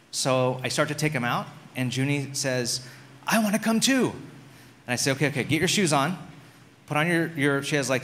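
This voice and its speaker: A man in his thirties preaching a sermon as a pastor, telling a story in a relaxed, conversational way with lots of "like"s. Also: a little high, a little hiss or hum.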